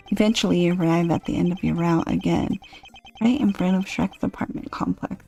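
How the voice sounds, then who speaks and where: A woman reading a dating game's text aloud, with dry, deadpan asides. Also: on the low side, a little fast, gravelly, breathy edge, faint music behind.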